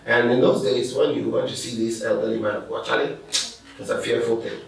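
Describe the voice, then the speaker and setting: A man's voice: mid-range voice, fairly even intonation, fairly quick, creaky. A middle-aged man, a pastor telling stories and laughing as he answers interview questions. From Ghana. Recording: echoey room, distant mic.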